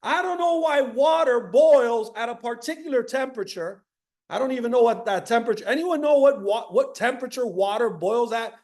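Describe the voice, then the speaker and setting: A man from Miami giving a high-energy motivational talk to an audience, repeating key phrases and asking the crowd questions. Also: lively intonation, a little fast, darkish tone. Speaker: motivational speaker.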